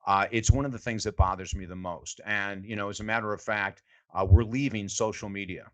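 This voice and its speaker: An older man, a sports psychology coach, telling lively stories in a podcast interview and acting out the quotes. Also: fairly low pitch, fairly quick. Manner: animated storyteller, acts out quotes.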